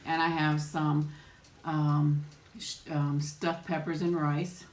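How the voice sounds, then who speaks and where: A woman's voice: low voice, level tone, takes it slowly, roomy sound, a little hiss or hum. A woman hosting a casual mukbang live chat, greeting viewers by name with ums and little laughs. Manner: chatty, warm greetings, frequent laughs and ums. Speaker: mukbang livestream host.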